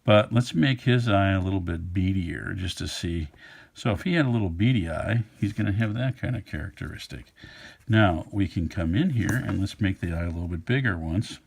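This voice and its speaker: A middle-aged man with a low voice teaches a drawing lesson, musing aloud as he sketches. His tone is easygoing and unhurried, and his voice has a gravelly rasp. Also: a little mellow. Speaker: art instructor. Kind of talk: relaxed drawing tutorial narration.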